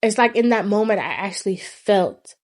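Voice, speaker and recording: A woman vlogger earnestly telling a personal story in a reflective, sometimes soft-spoken way. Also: mid-range voice, expressive, normal speed.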